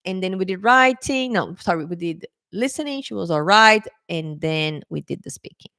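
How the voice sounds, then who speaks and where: Woman English tutor, casual storytelling to camera, animated, lowish voice, dry close sound. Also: normal speed, no echo. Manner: chatty, animated, laughs often, acts out quotes. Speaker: English teacher.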